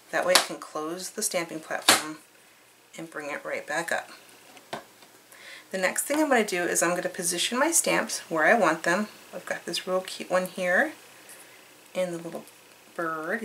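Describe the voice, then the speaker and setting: Bright-voiced woman demonstrating a craft. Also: on the low side, moderate pace, long pauses, slight background noise, poor audio. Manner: chatty, cheerful, thinks aloud while working. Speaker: craft tutorial host.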